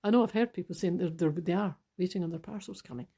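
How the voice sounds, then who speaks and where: A middle-aged Scottish woman hosting a podcast, telling rambling stories in a lively, laughing way. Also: lowish voice, fast talker, creaky, husky. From Scottish Highlands. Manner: animated, laughing, rambling storyteller. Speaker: podcast host. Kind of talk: chatty solo monologue.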